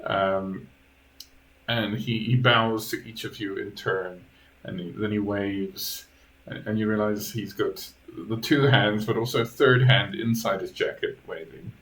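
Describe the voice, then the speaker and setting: A man narrating a tabletop game as dungeon master, slowly describing a scene with casual hedges. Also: lowish voice, fairly even intonation, a bit bright, rough recording. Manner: slow, descriptive narration with hedging fillers.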